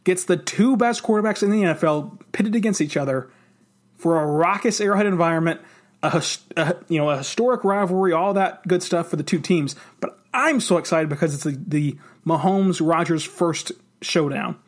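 A man co-hosting a sports podcast, talking fast and excitedly in casual football chat. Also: fairly high pitch.

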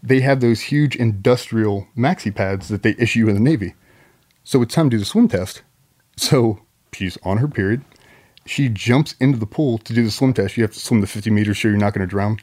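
A man's voice: fairly low pitch, fairly quick. Man telling loose, profane stories. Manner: swearing, animated anecdotes; does loud mock voices when quoting his wife. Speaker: podcast guest. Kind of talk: casual storytelling.

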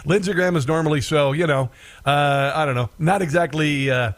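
A man's voice: a little high, brisk. A man hosting a political commentary show, sarcastic and rambling, with many filler sounds.

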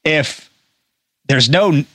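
A man's voice: fairly high pitch, lively intonation, very slow, a bit bright, dry recording. A man co-hosting a casual podcast, enthusiastic and explaining science at length. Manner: enthusiastic, talks in long science-laden runs. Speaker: podcast co-host.

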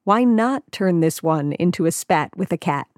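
A woman's voice: on the low side, expressive, normal speed, darkish tone, no echo, studio quality. A woman co-hosting a podcast, narrating in a conversational scripted way with a lightly wry, questioning manner. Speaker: podcast co-host.

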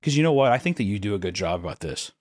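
A man's voice: on the low side, very animated, racing, a little mellow, no echo, studio quality. A young man co-hosting a podcast in casual, sarcastic banter, often repeating his words as he talks over a remote call. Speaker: podcast co-host. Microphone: remote call mic.

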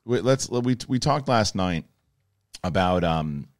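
Lively low-voiced male host. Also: takes it slowly, dry recording, studio quality. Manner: rambling, animated storyteller with frequent restarts. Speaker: podcast host. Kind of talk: casual chat.

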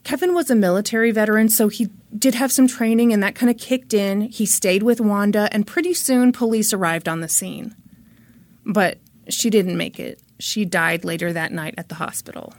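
A woman's voice: mid-range voice, fairly even intonation, normal speed. A woman hosting a podcast, telling a true-crime case in a chatty, dramatic way and swearing freely. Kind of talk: casual storytelling.

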